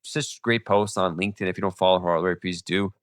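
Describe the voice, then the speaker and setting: Fast-talking deep-voiced man with a sore throat. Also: fairly even intonation, dry recording, clean studio sound. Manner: fast-talking with many restarts and fillers. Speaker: podcast host. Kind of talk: casual monologue on legal updates.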